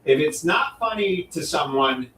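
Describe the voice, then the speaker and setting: A man in a casual commentary, telling a story in an animated way and mockingly acting out other people's lines. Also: a little high, unhurried. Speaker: streamer reacting to clips. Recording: echoey room, distant mic, faint noise.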